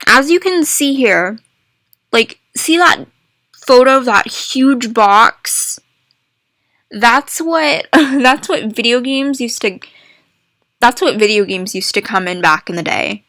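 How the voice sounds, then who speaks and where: A young woman chatting casually to viewers about video games, rambling and restarting phrases, with bursts of excited exclamations. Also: a little high, takes it slowly, no echo, clean studio sound. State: hiccups. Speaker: gaming vlogger.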